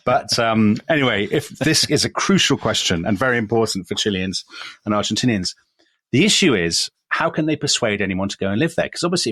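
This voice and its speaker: Chatty low-voiced English man telling history. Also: a bit bright, husky, no echo. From England. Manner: chatty storytelling, self-deprecating asides. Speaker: co-host. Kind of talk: casual history podcast chat.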